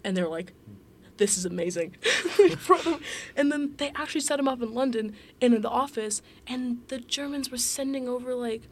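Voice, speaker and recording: A young woman co-hosts a podcast, her voice high and brisk, telling a history story in casual chat. She acts out quotes and leans on fillers like "like" throughout.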